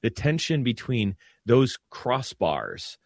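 A man's voice: medium pitch, slow pace, gravelly, dry recording. A man who is a Catholic priest, talking earnestly in a casual discussion, often restarting his sentences. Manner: earnest, animated, many restarts.

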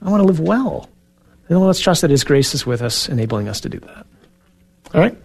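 A male priest giving a sermon in an earnest, conversational way, with soft asides. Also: medium pitch, expressive, brisk.

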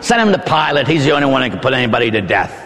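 A man's voice: mid-range voice, big pitch swings, rapid-fire, fairly bright tone, in a large hall. A man doing a curt, impatient ruler. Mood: dismissive.

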